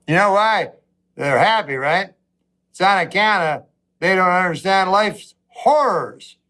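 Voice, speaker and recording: A man's voice: animated, moderate pace, a bit bright. Rambling wry stand-up man. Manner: rambling, wry, swings between low mutters and raised voice. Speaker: stand-up comedian. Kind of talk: stand-up routine.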